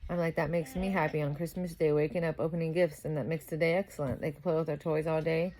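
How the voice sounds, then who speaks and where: A woman's voice: low voice, steady tone, quick pace. A young woman venting in a casual monologue, cursing often and growing heated as she rants, worn out as a sleep-deprived new mother. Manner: profane, ranting, grows louder and heated. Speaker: vlogger.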